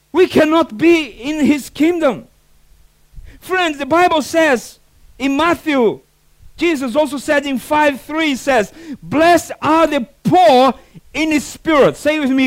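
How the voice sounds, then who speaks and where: High-voiced animated preacher man. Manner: animated preaching with acted-out quotes and non-native phrasing. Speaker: pastor. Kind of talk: sermon.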